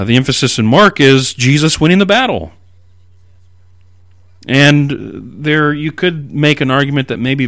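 A man preaching an expository sermon, reading scripture aloud and explaining it with animated emphasis. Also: medium pitch, no room sound, clean studio sound.

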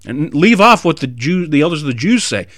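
Animated male preacher, dry sound. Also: a little high, a little fast, no room sound. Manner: animated, rising to emphatic bursts. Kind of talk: expository sermon.

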